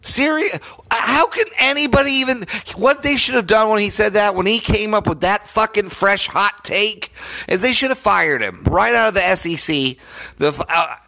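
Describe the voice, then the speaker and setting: A man's voice: high voice, lively intonation, moderate pace, vocal fry, bright, forceful tone. A man hosting a solo sports podcast, ranting in a heated, profane and sarcastic way.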